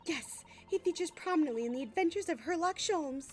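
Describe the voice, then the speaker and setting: An earnest young assistant, polite and eager, lifted high and bright in her courtesy, as a woman puts her on while reading a game aloud. Her phrasing is formal and careful. She sounds keen to help. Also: lively intonation, fairly quick, faint music behind.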